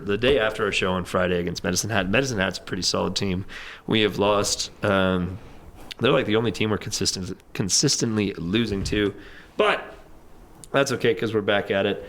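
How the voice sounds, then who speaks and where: Low-voiced young man, dry and laid-back. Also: fairly bright tone. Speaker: sports podcast co-host. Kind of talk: casual banter and team update.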